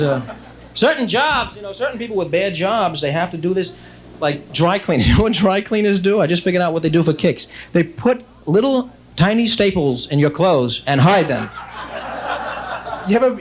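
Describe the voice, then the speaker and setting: A young man doing a stand-up routine on stage, chatty, with quick asides and frequent self-interruptions. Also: high voice, background noise. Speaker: stand-up comedian. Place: stage before a laughing audience.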